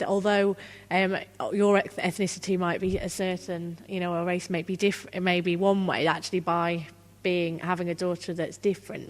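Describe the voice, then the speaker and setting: A woman, giving a conversational workshop talk and drawing the audience in. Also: on the low side. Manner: chatty, engages the audience directly. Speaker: conference speaker leading a workshop. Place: conference hall. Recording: reverberant conference hall.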